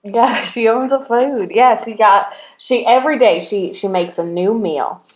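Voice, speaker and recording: Bubbly giggly lady doing an improv rv park owner, deadpan absurd. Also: on the high side, a little slow. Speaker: guest playing an RV park owner. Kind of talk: improvised comedy character.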